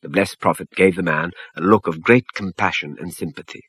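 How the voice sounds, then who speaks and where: A man narrating a religious story in a solemn, expressive storytelling manner. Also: sits low, fairly quick, breathy edge, no echo.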